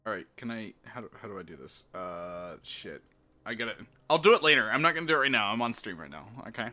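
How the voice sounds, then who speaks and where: A man's voice: lowish voice, lively intonation, fast talker, pushed and bright. A young man running a tabletop game session on stream, talking casually and laughing with his players. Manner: laid-back, laughing, loose. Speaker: game master.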